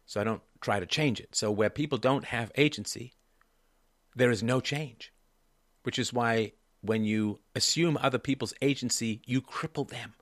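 A man's voice: medium pitch, moderate pace, a bit bright, dry recording, studio quality. A man hosting a call-in advice show, talking emphatically and repeating key phrases for stress.

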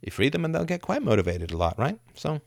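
A middle-aged man hosting a live video chat, reading viewer comments aloud and riffing with animated laughter. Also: fairly high pitch, fast talker, vocal fry, no echo, studio quality. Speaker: livestream host answering chat. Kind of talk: casual live-stream chat. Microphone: camera and mic on a live video chat.

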